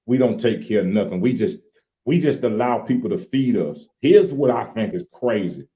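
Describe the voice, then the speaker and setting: A man, co-hosting a casual chat in a folksy, animated way. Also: lowish voice, normal speed. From Louisiana. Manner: animated, repeats "look here", folksy. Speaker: co-host.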